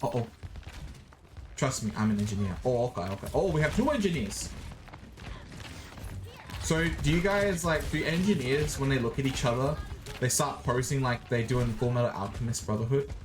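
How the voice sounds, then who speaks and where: A man's voice: mid-range voice, animated, a little fast, noisy background. A young Australian man streaming a game, chatting casually and goofing around with viewers. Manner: goofy, playful, swears, sings robot noises. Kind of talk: casual gaming stream chat.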